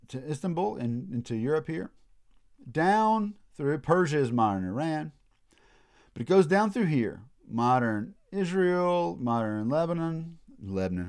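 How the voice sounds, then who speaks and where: A man's voice: mid-range voice, darkish tone. A man giving a recorded college history lecture, telling it as a story with casual asides and frequent restarts.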